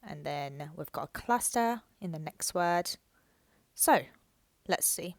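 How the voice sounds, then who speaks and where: A woman teaching a language lesson, slowly modelling syllables aloud and explaining each one clearly. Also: fairly low pitch, lively intonation, no echo.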